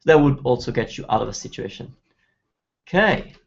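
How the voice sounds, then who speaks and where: A man's voice: medium pitch, lively intonation, moderate pace, gravelly, highs cut off. A man from Italy, hosting a live online Q&A lesson and chatting as he explains phrases one by one. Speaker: Italian teacher hosting a webinar.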